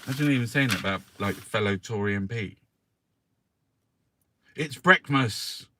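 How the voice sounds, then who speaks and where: A man's voice: lowish voice, fast, fairly bright tone. A man hosting a casual live newspaper review, swearing often and chatting to his viewers with jokey asides. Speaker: livestream host reviewing newspapers. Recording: faint background noise.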